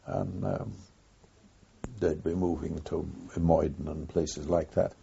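An older man, a former wartime pilot, recounting his memories in an oral history interview with an unhurried, reflective pace and frequent pauses. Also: extremely low pitch, little pitch movement, creaky, dark tone, slight background noise. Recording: dull lo-fi recording.

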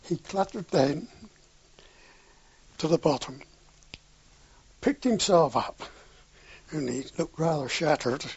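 A man's voice: on the high side, expressive, slow pace, long pauses, slightly rough. An older man telling a wartime anecdote in an oral history interview, acting out the dialogue with a chuckle now and then. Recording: dull lo-fi recording.

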